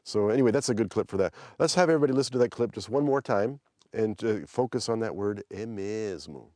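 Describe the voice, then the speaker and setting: A middle-aged man hosting a language-lesson podcast, explaining in a relaxed, chatty way. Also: on the low side, quick pace, dry recording, clean studio sound. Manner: relaxed, chatty, prone to restarts. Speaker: podcast host and language teacher. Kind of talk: explanatory teaching chat.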